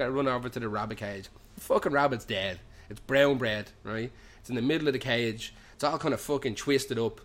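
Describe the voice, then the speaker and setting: A young Irish man with a Dublin edge and an ordinary mid-pitched voice, recorded in a pub as he hosts his show. He spins a loose, run-on comic story, cursing constantly and tumbling from one clause into the next. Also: fairly quick, hardly any pauses, a bit bright. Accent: Irish, Dublin slang. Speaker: podcast host. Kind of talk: rambling comic anecdote.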